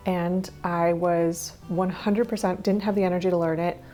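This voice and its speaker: Lowish-voiced woman vlogger, chatty and candid, faint music in the back. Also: little pitch movement, normal speed, dark tone. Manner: chatty and candid, with small laughs and asides. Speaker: minimalist lifestyle vlogger. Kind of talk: casual talking-head vlog.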